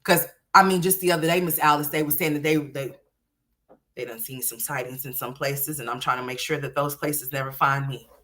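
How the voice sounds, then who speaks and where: A woman from Oklahoma hosting a livestream, telling a story in a loose, animated and profane way, dropping to low mutters and rising to loud exclamations. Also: brisk. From Oklahoma, USA. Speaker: livestream host.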